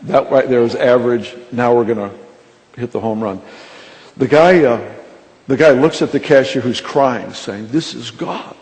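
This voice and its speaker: A man preaching a sermon, telling a lively, humorous story to a congregation from a stage microphone. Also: medium pitch, normal speed. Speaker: pastor. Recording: reverberant large hall with faint noise.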